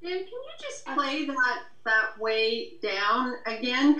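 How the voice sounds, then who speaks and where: A woman student asking her teacher a question in a hesitant, halting way. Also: on the high side, lively intonation, a bit bright. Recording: echoey room, far from the mic.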